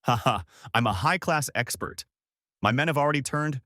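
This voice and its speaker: A man voicing a smug, boastful villain leader who gloats with slow laughter, in a comic recap. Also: mid-range voice, expressive, bright, forceful tone, dry recording, studio quality. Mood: gloating.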